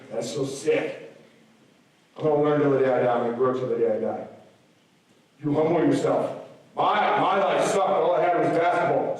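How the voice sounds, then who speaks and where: A man's voice: medium pitch, a little mellow. A man in his thirties giving a motivational speech to a school assembly, punchy and direct, firing rhetorical questions at the students. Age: 30s. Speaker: motivational speaker. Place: large school gym or auditorium. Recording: very echoey hall, voice from far off.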